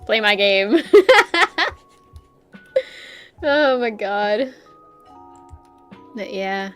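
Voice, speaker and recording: A woman's voice: a little high, fairly bright tone. A young adult woman streamer who chats casually while drawing, rambling and self-deprecating and laughing often.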